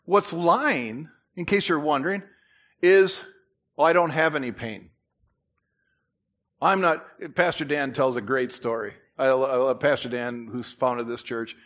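A man preaching a sermon in church, conversational with asides and restarts, who climbs louder and higher to drive his points home. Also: unhurried. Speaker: pastor.

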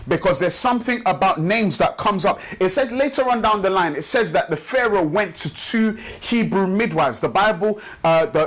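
Male pastor with a high voice, rhythmic repetitive sermon delivery. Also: fairly bright tone, poor audio. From Nigeria. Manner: rhythmic preaching with repeated phrases, slows for emphasis. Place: church service.

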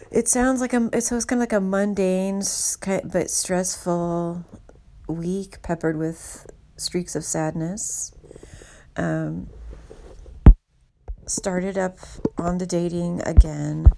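Woman, podcast host, low voice, gravelly, unhurried, candid, self-deprecating. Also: dark tone, slight background noise. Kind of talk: casual podcast monologue.

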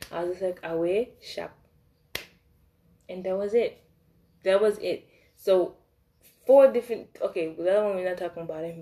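A young woman telling a casual storytime about her crushes, animated, swinging between loud outbursts and soft asides. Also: on the low side. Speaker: vlogger.

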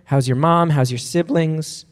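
A man's voice: a little high, measured pace, clean tone, long reverb tail. A man hosting a live podcast, chatty and self-deprecating, often restarting his sentences. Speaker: podcast host. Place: live venue before an audience.

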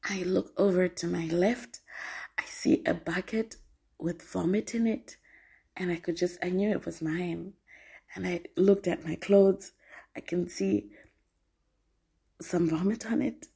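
A woman in her twenties telling a story as a podcast host, animated and slangy, laughing often. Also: lowish voice, measured pace, gravelly, pauses often, breathy edge. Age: 20s. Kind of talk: casual storytelling monologue.

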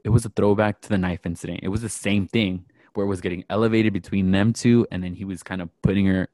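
A man in casual chat, recapping a show and acting out what people said in lively quotes. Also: low voice, fast, no echo. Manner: animated storyteller acting out quotes. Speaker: podcast co-host recapping reality TV.

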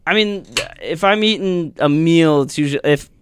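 A man's voice: a little high, normal speed, fairly bright tone, a little hiss or hum. A young man chatting casually as a podcast co-host, rambling and swearing, restarting his sentences. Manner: rambling, profane, restarts often. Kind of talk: casual chat.

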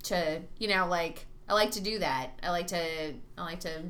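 A tipsy woman telling stories in casual chat, animated and swearing freely. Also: lowish voice, normal speed. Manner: animated, profane storyteller. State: tipsy from drinking.

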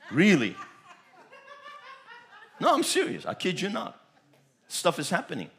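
A pastor from Turkey preaching a sermon, telling stories animatedly and often repeating words. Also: male voice, sits high, huge pitch swings, normal speed, creaky, pushed and bright. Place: church.

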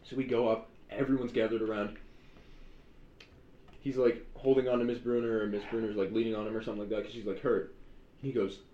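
A young man telling a childhood story in casual chat, slangy and animated, saying dude a lot. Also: on the low side, fast, pauses often, slight background noise. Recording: roomy, dull sound with faint ambience.

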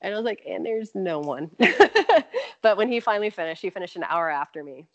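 Over dull, lo-fi remote audio with no room sound, a woman who runs marathons shares a personal story as a guest. She's animated, laughs a lot and acts out other people's words, speaking briskly at medium pitch.

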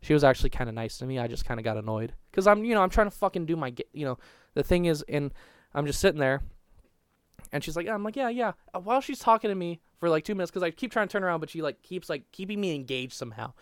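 A man's voice: a little high, animated, quick pace, clear, resonant tone, no room sound. A young man telling a crude, rambling story on a casual podcast, swearing constantly and restarting his sentences. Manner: profane, rambling, restarts a lot.

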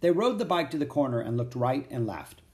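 A man reads a children's chapter book aloud in a clear, steady storytelling voice. His pitch moves lively through the narration, at a middling register. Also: brisk.

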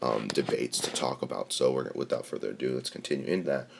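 A man's voice: extremely low pitch, brisk, gravelly, heavy background noise. A man talking casually as a podcast host, rambling with lots of fillers and swearing freely. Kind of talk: casual opinion talk on mixed martial arts.

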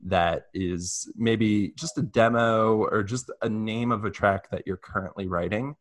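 A man's voice: fairly low pitch, measured pace. A man hosting a casual interview, chatty and effusive, asking long rambling questions. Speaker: podcast host.

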